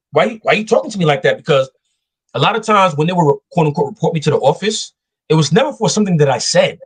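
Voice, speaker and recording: Emphatic husky man preaching confidence. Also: on the high side. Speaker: guest. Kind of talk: casual podcast talk.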